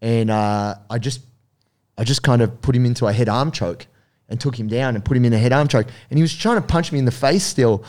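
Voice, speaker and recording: Aussie guy chatting, tells stories lively, does little voices for people. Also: mid-range voice, a little fast. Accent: Australian. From Australia. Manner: animated, acts out voices in anecdotes. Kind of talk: casual storytelling chat.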